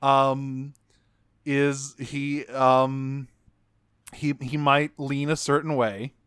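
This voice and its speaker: Dude on a podcast riffing on old cartoons, clean smooth voice, dry close mic, swears a lot. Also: male voice, medium pitch, very slow, no room sound. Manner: animated, profane, acts out quotes in silly voices. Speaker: podcast co-host. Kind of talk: casual comedic chat recapping cartoon episodes.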